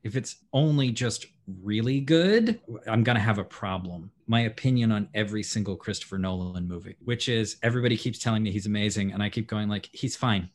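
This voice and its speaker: Low-voiced man chatting casually. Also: brisk, hardly any pauses. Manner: rambling, self-deprecating, with mock-quoted asides. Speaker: podcast guest. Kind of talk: casual chat.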